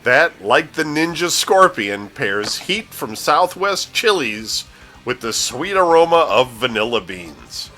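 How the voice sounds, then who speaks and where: A man hosts a casual radio-style gaming news show, reading the week's game releases in a lively, swooping voice. His tone is bright, and he cracks jokes and stumbles over odd names. Faint music plays behind him. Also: mid-range voice, takes it slowly. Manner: jokey, laughs often, stumbles over names. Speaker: news host.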